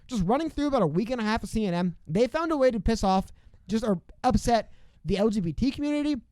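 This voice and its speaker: A man co-hosting a casual political podcast, talking quickly with sarcastic asides. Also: high-pitched, animated, a little mellow, dry recording. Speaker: podcast co-host.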